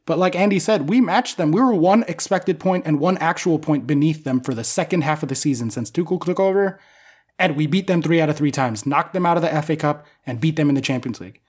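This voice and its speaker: A young man co-hosting a casual podcast chat, excitable and swearing freely as he rambles as a fan. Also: a little high, fast, slightly rough. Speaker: podcast co-host.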